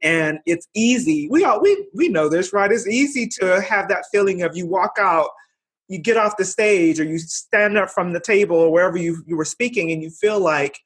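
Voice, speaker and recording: A woman's voice: lowish voice, animated, normal speed, breathy edge. A woman hosting a podcast interview, affirming and encouraging her guest, with frequent small laughs. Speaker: podcast host. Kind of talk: conversational interview.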